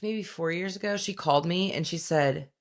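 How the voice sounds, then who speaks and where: A middle-aged woman co-hosts a podcast, chatting casually at normal speed. She tells animated stories and suddenly leaps into high, excited voices when acting out scenes.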